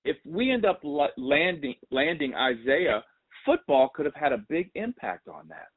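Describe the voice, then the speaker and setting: A man hosting a sports podcast, telling a story in a lively, casual way and acting out the voices he quotes. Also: a little high, moderate pace, slightly rough. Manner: animated, acts out quoted voices. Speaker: podcast host. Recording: tinny phone-like audio.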